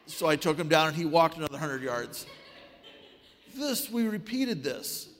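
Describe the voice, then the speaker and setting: A man preaching a sermon, telling a story with wry, animated delivery. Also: on the high side, fairly quick, big-room sound.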